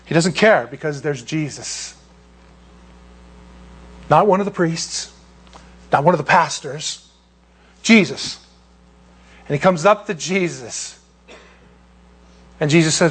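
A man preaching a sermon as a pastor, telling a story with feeling and dropping into high mocking voices for the people he quotes. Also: moderate pace, long pauses, slight background noise.

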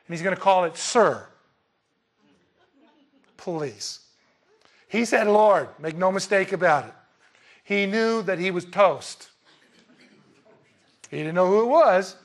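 A man preaching a verse-by-verse Bible sermon in an animated, colloquial way, with emphatic bursts. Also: high voice. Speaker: pastor.

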